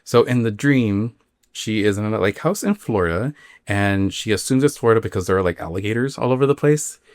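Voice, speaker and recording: A man with a low voice hosts a spooky podcast, retelling a listener's dream story in a loose, chatty way. He rambles and leans on fillers, and the recording is close and dry. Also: brisk, no echo. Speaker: podcast host.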